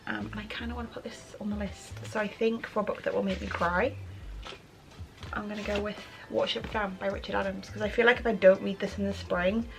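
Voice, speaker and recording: A woman's voice: medium pitch, little pitch movement, a little fast, creaky, music in the background, rough recording. A young woman chatting casually in a reading vlog, thinking aloud with many ums. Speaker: book vlogger.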